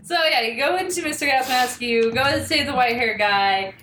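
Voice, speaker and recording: A woman co-hosting a podcast, telling a game's story in animated, profane bursts and voicing the characters as she goes. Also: sits high, normal speed. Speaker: podcast co-host. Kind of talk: casual chat recapping a game. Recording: echoey room with faint hiss.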